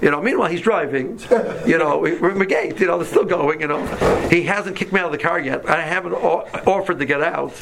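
A man teaching a class, telling a story in an animated way, acting out the dialogue with many restarts. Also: on the high side, brisk, vocal fry, few pauses, very noisy. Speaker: Torah teacher.

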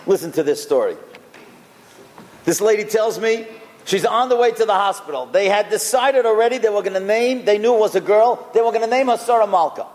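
Man, rabbi, sermon, animated storyteller, highly varied pitch, long hall echo. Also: fairly quick.

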